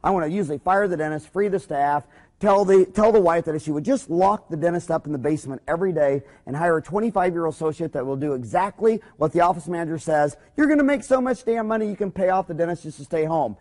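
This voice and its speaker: A dentist in his forties gives a blunt, profane business talk packed with stories and emphatic punchlines. He speaks fast in a slightly high voice with a darkish tone.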